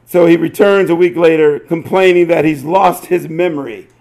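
High-voiced older male pastor. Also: moderate pace. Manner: animated, laughing storyteller. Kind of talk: sermon with a told joke.

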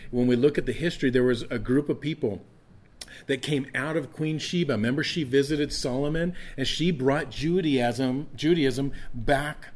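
A man's voice: mid-range voice, moderate pace. Man preaching an earnest evening sermon. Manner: earnest teaching with emphatic stresses. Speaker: pastor.

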